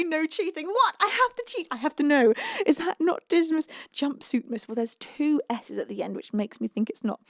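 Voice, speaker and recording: A young woman, a singer-songwriter streaming live, gushing through thank-yous to her chat with frequent laughs and soft whispered asides. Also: high-pitched, gravelly, no room sound, studio quality. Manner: gushing, emotional, laughs often, drops to a whisper. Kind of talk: chatty livestream thank-yous.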